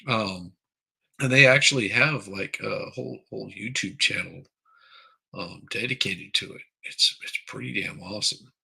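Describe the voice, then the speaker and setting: A man's voice: on the low side, normal speed, creaky, sharp tone, slightly rough, low-quality recording. A man hosting a live stream, chatting casually and crudely, rambling while he reads viewer comments aloud. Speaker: livestream host.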